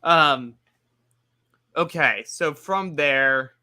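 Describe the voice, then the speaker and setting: A man's voice: a little high, extremely slow, pushed and bright, clean tone. A man co-hosting a casual recap show, rambling with lots of filler words. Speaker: after-show co-host.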